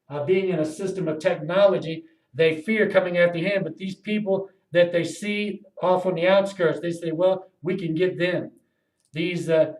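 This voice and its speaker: A man delivering a rambling, impassioned monologue to camera, cursing freely and swinging between loud outbursts and low muttering. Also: roomy sound, poor audio. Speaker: video blogger.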